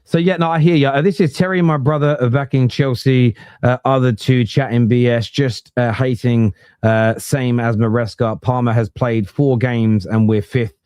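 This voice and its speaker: A man's voice: medium pitch, steady tone, normal speed, hardly any pauses, a little mellow, clear, resonant tone, no room sound, studio quality. A man, hosting a casual football podcast in a laid-back, bantering way. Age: 40s. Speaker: podcast host.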